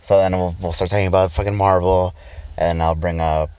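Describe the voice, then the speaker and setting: Young male podcast co-host, deep low voice, profane casual storyteller. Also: steady tone, normal speed, warm tone, clean tone, dry recording. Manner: profane, storytelling, laughs often. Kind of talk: casual chat.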